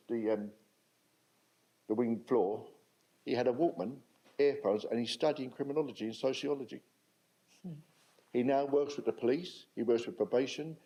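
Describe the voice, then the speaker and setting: A man's voice: medium pitch, dark tone, rough recording. An older man with a London accent, telling stories at a public talk in a chatty way and asking the audience questions. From England. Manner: chatty, asks the audience questions, repeats for emphasis. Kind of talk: conversational storytelling to an audience.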